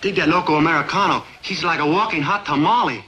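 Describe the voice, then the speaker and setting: A man's voice: on the high side, fast, very noisy, close to an everyday voice. A man playing a spacey beatnik buddy. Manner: drawling beatnik slang. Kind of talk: 1950s sitcom acting.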